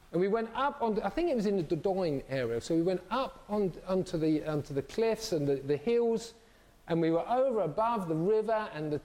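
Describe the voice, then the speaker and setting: A man's voice: high-pitched, a little mellow. A middle-aged man preaching a sermon, telling stories animatedly and acting out the voices of the people in them.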